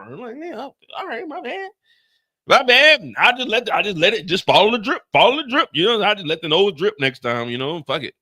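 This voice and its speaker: A man's voice: sits high, sharp tone. A man streaming a casual, profane chat to viewers, talking in an exaggerated, comically exasperated way and sounding tired. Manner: profane, repetitive storytelling. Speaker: show recap streamer.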